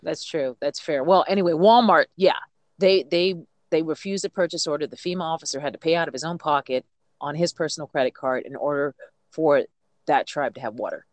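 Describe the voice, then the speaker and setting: A truck driver from the United States telling stories in a casual podcast chat, blunt and animated, swearing freely and repeating words when worked up. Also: mid-range voice, brisk, dry recording.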